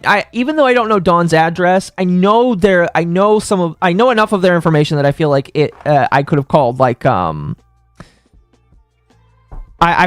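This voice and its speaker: Guy ranting on stream, kinda high voice, stumbles over his words a lot, dry sound, music low behind. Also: a bit bright, clear, resonant tone, dry recording. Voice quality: stammering, restarts often. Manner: heated, swears freely. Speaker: stream host. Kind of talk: casual live-stream rant.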